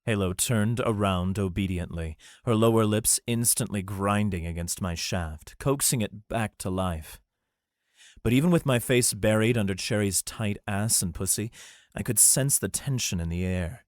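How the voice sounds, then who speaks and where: A man's voice: lowish voice, moderate pace, no room sound, clean studio sound. A man narrating an adult fantasy audiobook in the first person, reading steadily.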